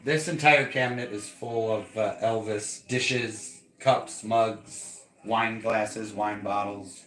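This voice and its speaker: A man's voice: on the low side, fairly even intonation, slow pace, a bit bright. Playful man in a roomy room. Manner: playful, jokey. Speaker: co-host showing a collection. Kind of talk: casual livestream chat. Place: house at night.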